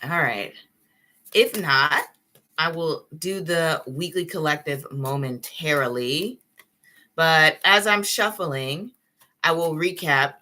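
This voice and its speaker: Low-pitched, bright-voiced young woman chatting. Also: slow. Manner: chatty, addresses viewers directly, laughs often. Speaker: tarot reader hosting a live stream. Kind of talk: casual live-stream chat.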